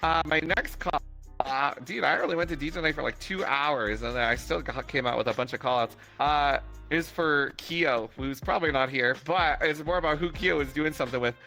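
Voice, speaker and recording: Bright, gravelly young man who giggles through his stories. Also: fairly high pitch, moderate pace, faint music behind. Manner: giggly, animated storytelling. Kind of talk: casual gaming chat.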